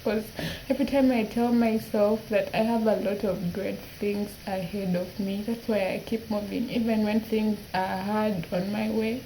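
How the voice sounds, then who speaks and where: A woman in her twenties talking through tears in a personal vlog, halting and repeating herself. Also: medium pitch, fairly even intonation, dark tone, a little hiss or hum, rough recording. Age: 20s. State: tearful, crying at times. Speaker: vlogger.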